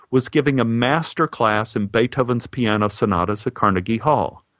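A male actor telling a personal story as a monologue, in a wry, measured way with deadpan humor. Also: on the low side, no room sound, clean studio sound.

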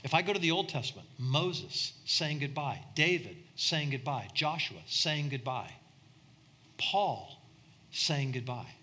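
Man, middle-aged, pastor, sermon, bright tone, conversational, impassioned. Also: mid-range voice, lively intonation, measured pace. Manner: conversational, repeats words, rises to impassioned peaks.

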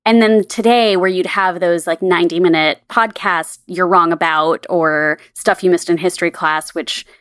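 This podcast host is a woman chatting casually and using plenty of fillers. Her fairly low voice has fairly even intonation, a moderate pace, and a fairly bright, clear, resonant tone. The studio-quality recording carries no room sound.

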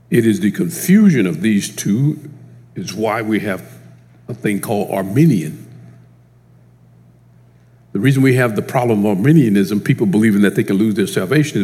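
A man preaching a teaching sermon, emphatic and animated, swinging from loud emphasis to a hushed prayer. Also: fairly low pitch, big-room sound.

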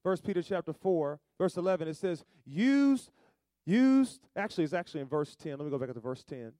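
A man preaching a sermon in a call-and-response style, moving between soft asides and loud, stretched-out emphasis. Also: on the high side, quick pace, no echo, clean studio sound.

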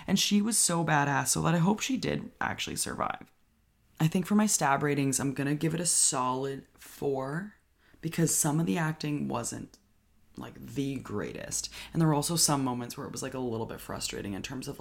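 Excitable movie recapper with vocal fry. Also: mid-range voice. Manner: excitable, heavy use of "like", swears. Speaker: horror movie reviewer.

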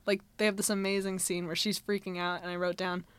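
A woman's voice: fairly low pitch, level tone, fast, smooth. A young woman co-hosting a podcast, recapping a TV episode in casual chat, laughing often and filling her talk with "like.". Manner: chatty, laughs often, frequent "like" fillers. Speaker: podcast co-host.

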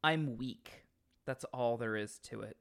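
Guy reading a romance novel out loud on a comedy podcast, hammy and mock-serious, bright voice. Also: mid-range voice, slow pace, gravelly. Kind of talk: comic dramatic reading and banter.

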